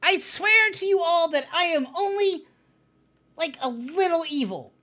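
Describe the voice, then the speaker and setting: A woman putting on a sweet, high-pitched character voice for her VTuber model, a girl who nervously insists she is only a little evil. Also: animated, measured pace, bright, forceful tone, exaggerated voice. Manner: sugary, nervous stammering. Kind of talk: live-stream character voice.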